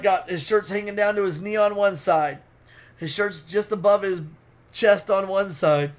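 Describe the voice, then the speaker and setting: A man telling a wild story in a casual, animated and profane way. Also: high voice. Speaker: storyteller, streamer.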